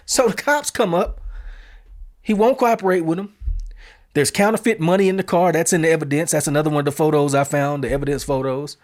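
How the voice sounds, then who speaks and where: A man delivering opinion commentary as a show host, with a voice that sits a little high for a man. He talks bluntly and emphatically, leaning on casual street phrasing. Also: brisk.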